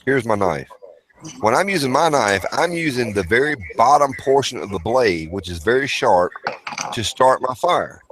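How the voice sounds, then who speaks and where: A man's voice: mid-range voice, animated, moderate pace, a bit bright, slight background noise, low-quality recording. A man, co-hosting a casual live chat about survival skills in a blunt, rambling and profane way.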